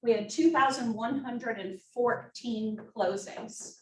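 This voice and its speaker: A woman's voice: a little high, slow pace. Woman, team meeting presenter, upbeat, jokey asides, echoey room, faint background noise. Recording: roomy, distant mic, faint noise.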